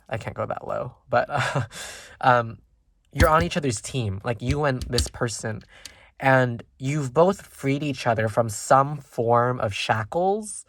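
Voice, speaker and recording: A tarot reader giving a casual pick-a-card reading, rambling with many ums and likes while thinking aloud, gentle and reassuring toward viewers. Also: medium pitch, animated, takes it slowly, no echo.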